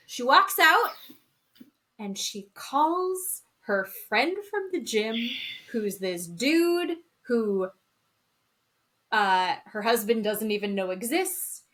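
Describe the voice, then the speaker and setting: A woman with a somewhat high voice co-hosts a chatty podcast. She retells a reality show with gossipy relish and dramatic quoting of the people in it. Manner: animated gossipy storytelling, acting out quotes. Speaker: podcast co-host. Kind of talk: casual chat recapping reality TV.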